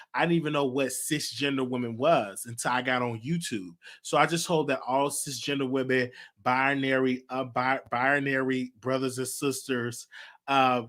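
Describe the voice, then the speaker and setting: A man's voice: medium pitch, sharp tone. A young man with a Southern US accent hosting his own show, talking earnestly and from the heart, often repeating his phrases. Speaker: show host. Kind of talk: solo commentary vlog.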